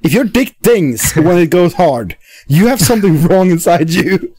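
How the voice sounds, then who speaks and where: A man with a Norwegian accent hosts a casual stream with a high, bouncy voice that swings widely in pitch. He swears freely and keeps breaking into giggles. The sound is dry and close. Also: expressive, normal speed, dark tone, slightly rough, no echo, faint music behind. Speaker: stream host. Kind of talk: casual livestream chat.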